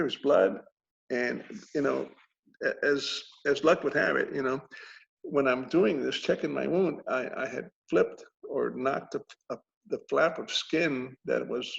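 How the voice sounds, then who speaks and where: A man telling a personal story in a halting way, repeating words and chuckling through grim details. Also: mid-range voice, creaky, fairly bright tone. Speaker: interviewee recounting a combat injury. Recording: dull lo-fi recording.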